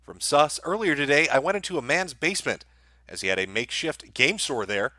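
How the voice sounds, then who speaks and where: Fairly high-pitched, pushed, and bright, his animated voice moves briskly in a dry, studio-quality recording. Hosting a livestream, he reads viewer donations and fires back with profane, sardonic, blunt remarks.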